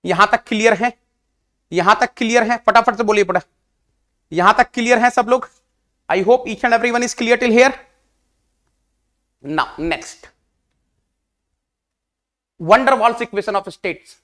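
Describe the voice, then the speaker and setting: A man's voice: very high-pitched, very fast, pauses often, sharp tone. A male engineering teacher with an Indian English accent giving an online exam-prep lecture, repeating questions and coaxing the class in a mix of English and Hindi.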